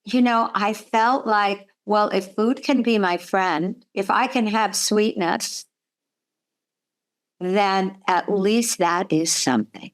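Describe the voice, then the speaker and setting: A woman speaking slowly and earnestly in a reflective conversation, thinking aloud about her own experience. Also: mid-range voice. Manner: slow, earnest, self-reflective.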